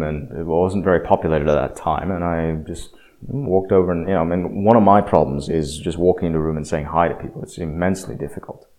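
A man with a very deep voice talks through his thoughts in a loose, unscripted way. He hesitates often, circling back with fillers and restarts, and sounds reflective and a little self-deprecating. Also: darkish tone. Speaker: speaker sharing experience. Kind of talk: casual monologue.

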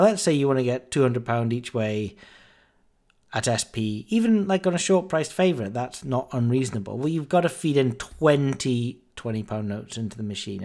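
Chatty man telling a story. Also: medium pitch. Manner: chatty, animated anecdote-telling with fillers and quoted dialogue. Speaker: podcast host. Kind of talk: casual storytelling.

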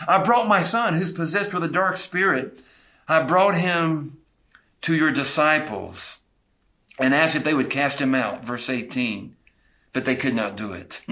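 A man's voice: on the high side, bright, forceful tone. A male pastor preaching an expository sermon, earnestly retelling scripture with asides and small restarts.

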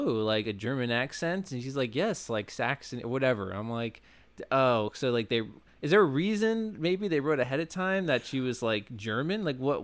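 Rambling, animated man chatting about film. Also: mid-range voice. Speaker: podcast co-host. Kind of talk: casual film chat.

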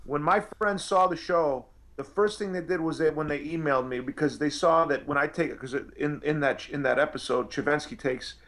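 A man's voice: a little high, normal speed, hardly any pauses, a bit bright. A male actor telling anecdotes in an interview, rambling with many restarts and fillers. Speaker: actor guest.

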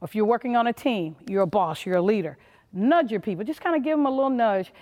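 A woman's voice: medium pitch, expressive, fairly quick, long reverb tail, dull audio. A woman giving a motivational leadership talk in an emphatic, punchy way. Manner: emphatic, punchy, acts out little quoted voices. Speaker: motivational conference speaker.

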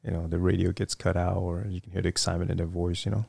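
A man's voice: low voice, flat delivery, very fast, gravelly, darkish tone, husky, dry recording. A middle-aged man, a guest in a casual interview, telling stories with lots of fillers and restarts. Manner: rambling, many fillers and restarts. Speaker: guest, retired Marine officer.

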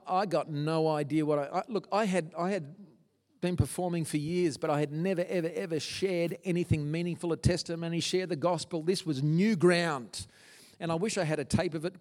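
A man's voice: a little high, moderate pace, a little mellow. A middle-aged man giving an earnest, emotional testimony to a church audience, with stumbling restarts. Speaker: guest speaker. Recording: long hall reverb.

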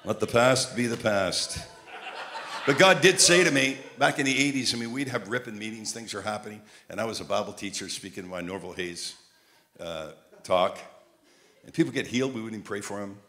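Recorded with slight background noise, an older preacher from Montreal, Canada, delivers his sermon briskly in a fairly low voice. He shares humorous anecdotes and climbs to loud, emphatic peaks.

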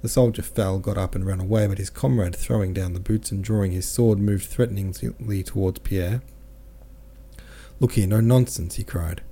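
A man narrating a classic novel as an audiobook reader, in a measured, steady manner. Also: deep voice.

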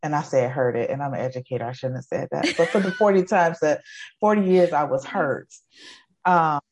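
A woman's voice: sits low, a little fast, darkish tone. A woman in her forties, an educator, giving an emotional personal testimony in an earnest, repetitive storytelling way. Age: 40s. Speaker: guest, educator.

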